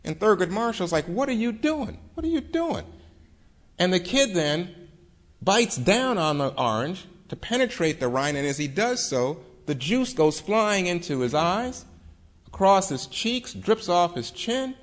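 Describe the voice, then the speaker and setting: A man's voice: sits high, sing-song, measured pace. A man telling a true story to an audience in a vivid, dramatic storytelling manner. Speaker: speaker. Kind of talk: storytelling talk.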